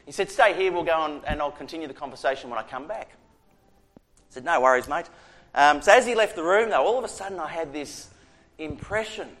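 A man's voice: a little high, fairly quick, soft background music. A middle-aged Australian man, a prison chaplain, telling a personal faith story in a conversational way, acting out the dialogue. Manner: conversational, animated retelling with quoted dialogue. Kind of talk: storytelling testimony.

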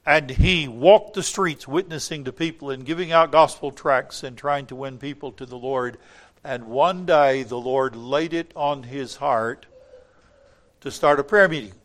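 A man preaching a sermon, emphatic, repeating phrases for weight, his voice swelling to loud peaks and sinking low and quiet. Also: unhurried.

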